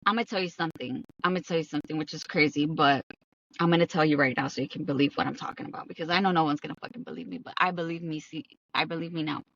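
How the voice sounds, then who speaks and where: A woman's voice: low-pitched, rapid-fire, fairly bright tone, no room sound, recorded from a distance, muffled recording. A young adult woman hosting a podcast, talking bluntly in a casual monologue, swearing often and repeating herself for emphasis. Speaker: podcast host.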